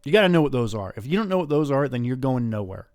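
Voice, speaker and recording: A man's voice: mid-range voice, sing-song, quick pace, darkish tone, dry recording, clean studio sound. A man hosting a podcast, giving a blunt motivational monologue with casual swearing. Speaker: podcast host.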